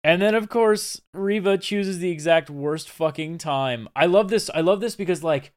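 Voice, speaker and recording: Excitable man recapping an episode. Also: high voice, normal speed. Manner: enthusiastic, swearing, acts out scenes in quoted voices. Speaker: podcast co-host. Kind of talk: casual chat recapping a TV episode.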